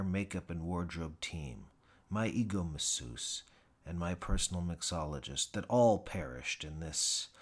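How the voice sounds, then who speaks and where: A man reads a comic first-person audiobook at an unhurried pace. His voice sits low, and his delivery is dry and self-important. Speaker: audiobook narrator.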